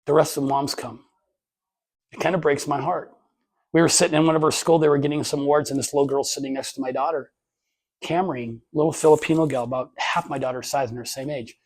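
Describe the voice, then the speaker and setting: Man, motivational speaker, lively storyteller, slightly higher voice, talking to a room. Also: fast. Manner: animated storyteller, acts out voices in his anecdotes. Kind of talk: motivational talk to a live audience.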